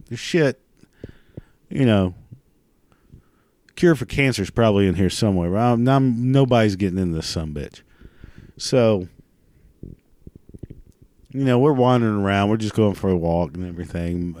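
A middle-aged man, ranting in a casual monologue, crude and profane, rambling with halting restarts. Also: on the low side, a little mellow.

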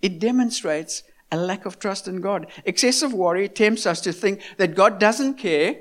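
A man's voice: high-pitched, moderate pace, fairly bright tone. A man delivers a sermon. He speaks earnestly, circles back to repeat his points, and throws rhetorical questions at his listeners. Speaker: preacher.

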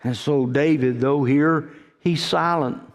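Slow, folksy preacher in a reverberant hall. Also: male voice, a little high. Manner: folksy storytelling preacher, addresses listeners as folk. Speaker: pastor. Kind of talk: sermon.

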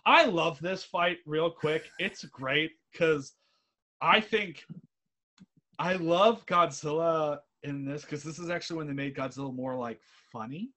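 A young man chatting casually as co-host while watching a movie, animated, swearing and laughing a lot. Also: fairly high pitch, measured pace. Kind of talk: casual movie commentary chat.

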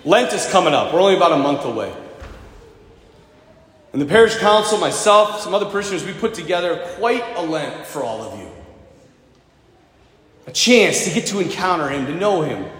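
Animated high-voiced man preaching in echoey church. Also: moderate pace, long pauses. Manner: animated dramatic storytelling. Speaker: priest. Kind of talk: sermon.

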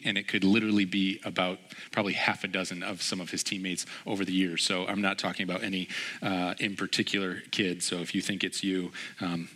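A man's voice: sits low, bright, forceful tone. A man, a pastor, giving a casual sermon full of stories and fillers who acts out the people in them. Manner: casual storytelling, many fillers.

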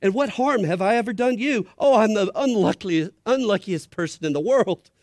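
A man's voice: a little high, sing-song, normal speed, a little mellow, no room sound, clean studio sound, pitched above the performer's own voice. A man voicing a frightened young boy who stammers and pleads, reading a storybook aloud. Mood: terrified. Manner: stammering, pleading, near screaming.

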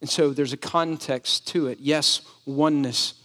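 A man preaching a sermon. His voice sits a little high for a man. He speaks emphatically and keeps asking the congregation questions. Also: steady tone, measured pace, fairly bright tone. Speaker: pastor.

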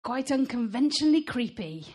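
A woman's voice: high-pitched, big pitch swings, normal speed, a little mellow, breathy edge, pitched above the performer's own voice, exaggerated voice. A woman reading aloud and voicing a young woman who answers in short, disgusted lines. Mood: curt.

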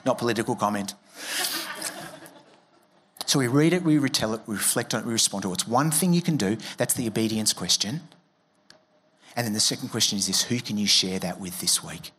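A man's voice: lowish voice, bright, forceful tone, a little hiss or hum. A man preaching a sermon as a pastor, conversational and joking, acting out quoted voices. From Australia.

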